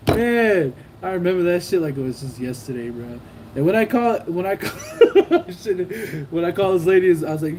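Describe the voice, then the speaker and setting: A man's voice: sits high, animated, moderate pace, darkish tone, slight background noise, low-quality recording. A man telling a personal anecdote in casual slang, swearing a lot and acting out what people said. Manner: profane, streetwise slang, acts out quotes. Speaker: storyteller.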